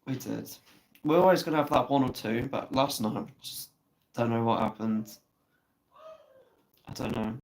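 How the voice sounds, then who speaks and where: A man's voice: mid-range voice, moderate pace, vocal fry, pauses often, a little mellow, poor audio. A man hosting a casual live stream, chatting and teasing viewers and swearing freely. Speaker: livestream host. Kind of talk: casual live chat reading comments.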